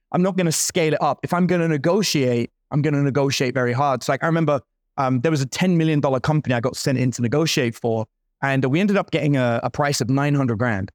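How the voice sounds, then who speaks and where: A man's voice: on the high side, darkish tone, no room sound, clean studio sound. A man in his forties telling a story in casual talk, playing out the other people's lines as he goes. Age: 40s. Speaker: guest entrepreneur.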